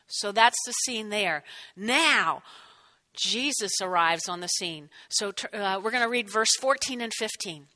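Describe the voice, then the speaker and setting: A woman's voice: on the high side, normal speed, bright, forceful tone. A woman preaching a sermon, telling a scripture scene expressively and asking her listeners questions.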